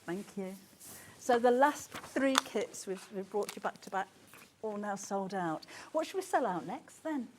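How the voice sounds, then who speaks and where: A woman presenting a live TV shopping show, excitable and quick to gasp and exclaim as items sell. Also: mid-range voice, slight background noise. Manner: excitable, gasping and exclaiming over sales. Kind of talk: live TV selling. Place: TV studio.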